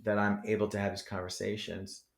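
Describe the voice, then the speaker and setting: A man's voice: fairly low pitch, level tone, a little fast, creaky. Rambling, profane man from New Jersey. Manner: rambling, profane, heavy on "you know". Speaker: podcast guest, rapper. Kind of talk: casual interview chat. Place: podcast studio. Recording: roomy echo.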